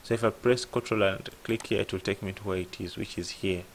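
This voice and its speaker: A man tutors app programming in a casual screen-share coding lesson, thinking aloud and asking "what?" before answering himself. His lowish voice has fairly even intonation and a quick pace, with slight background noise.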